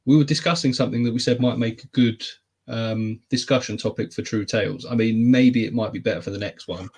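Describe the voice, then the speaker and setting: A man's voice: medium pitch, steady tone, fairly quick, a little mellow, breathy edge. A man co-hosting a casual podcast chat, teasing, laughing often and swearing casually. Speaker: podcast co-host.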